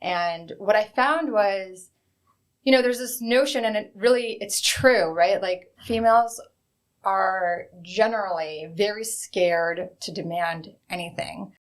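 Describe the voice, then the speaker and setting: A woman in her thirties with a medium-pitched voice takes her time as she talks. As an interview guest and bank executive, she gives candid answers, telling career stories in a frank, conversational way.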